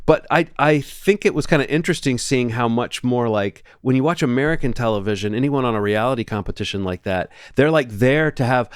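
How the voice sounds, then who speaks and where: Man, podcast co-host, mid pitch, dry close sound, rambling casual chat. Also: a little fast, few pauses, clear, resonant tone, no room sound. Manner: chatty, rambling, animated.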